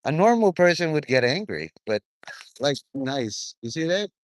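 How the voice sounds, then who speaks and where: A man's voice: fairly high pitch, very animated, moderate pace, no echo. A man giving a rambling, profane, stream-of-consciousness monologue to his viewers. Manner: profane, stream-of-consciousness, drifting between topics.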